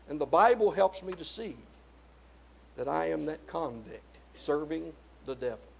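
High-voiced man preaching with loud emphatic swells. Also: creaky, slightly rough. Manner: rising to loud emphatic peaks, then dropping low; drawn-out stresses on single words. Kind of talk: sermon.

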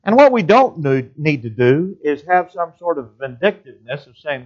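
High voiced guy preaching, reads old scripture aloud, kinda muffled lo-fi sound. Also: very animated, normal speed, hardly any pauses, darkish tone. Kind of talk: sermon.

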